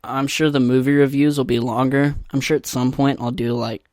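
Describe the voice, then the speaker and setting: A man's voice: mid-range voice, little pitch movement, fairly quick, darkish tone, dry recording, clean studio sound. A young man hosting a solo podcast, rambling through crude, self-deprecating jokes. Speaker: podcast host. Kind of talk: solo casual podcast monologue. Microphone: podcast microphone.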